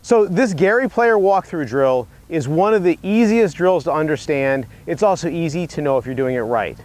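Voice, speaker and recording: Brief: male golf instructor, fairly high voice, earnest and chatty, filmed outdoors. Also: animated, moderate pace, a little mellow. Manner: earnest, storytelling, some restarts. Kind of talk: instructional video. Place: outdoor golf practice area.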